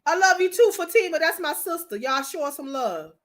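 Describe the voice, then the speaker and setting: A livestream host from Michigan, USA, speaks in a very high-pitched, expressive voice at a brisk clip, her tone fairly bright with a little hiss or hum underneath. Casual yet emotional and preachy, she talks emphatically to her viewers and keeps repeating herself.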